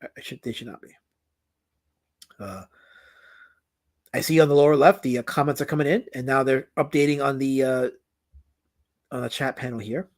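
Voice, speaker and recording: A man's voice: mid-range voice, normal speed, pauses often. A man streaming live as a comic creator, reading out chat comments in a rambling way that is full of stuttered repeats.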